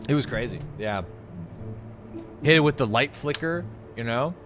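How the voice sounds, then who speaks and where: A young man streaming a game, chatting casually, swearing freely and getting loudly excited at new finds. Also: normal speed. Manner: excitable, swears a lot, jumps up high when surprised. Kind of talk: casual gaming livestream chat.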